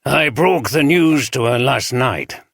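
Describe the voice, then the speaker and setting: A man voicing a calm, direct chief inspector with a Northern English accent. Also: mid-range voice, takes it slowly, vocal fry, pitched above the performer's own voice, exaggerated voice. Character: steady, unintimidated northern male chief inspector.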